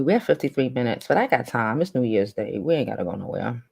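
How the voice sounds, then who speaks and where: A woman with a hoarse, fading voice, hosting a casual livestream chat in a playful, rambling way. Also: extremely low pitch, sing-song, fast talker, a little mellow. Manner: playful, chatty, trailing off and restarting. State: hoarse, losing her voice. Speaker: livestream host.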